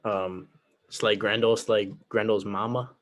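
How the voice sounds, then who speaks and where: A man's voice: lowish voice, little pitch movement, slow pace, fairly bright tone. A teenage boy casually ranking books he has read, sarcastic and rambling, with lots of fillers. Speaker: book reviewer. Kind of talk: casual vlog chat.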